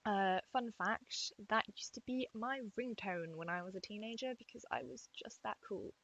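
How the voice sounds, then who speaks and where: A young English woman vlogging at home to her webcam, chatty and self-deprecating, talking quietly so as not to wake the household. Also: medium pitch, normal speed, dull audio. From England. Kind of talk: casual webcam vlog. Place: room at home.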